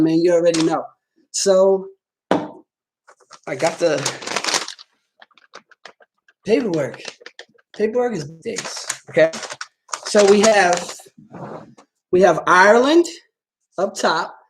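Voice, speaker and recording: A man's voice: high-pitched, noisy background. Profane streetwise man chatting on a livestream. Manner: talks straight at viewers, often asking if they follow. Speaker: livestream host reading viewer comments. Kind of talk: casual livestream chat.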